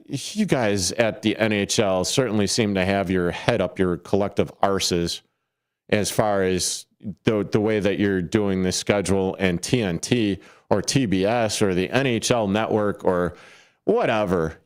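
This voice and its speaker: A male sports radio host talks slowly in a smooth, resonant voice from a studio mic. He rambles through his monologue, restarts himself and drops wry asides as he goes. His voice sits fairly low. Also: animated. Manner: rambling, self-correcting, jokey rants. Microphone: studio microphone.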